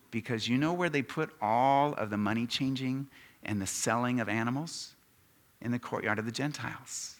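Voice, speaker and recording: A male pastor delivers a sermon in a bright, forward voice at an ordinary middle pitch. He drops to hushed asides, then climbs to loud, emphatic peaks. He often turns questions to his congregation. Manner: preaching with big swings from quiet to loud, asks the congregation questions.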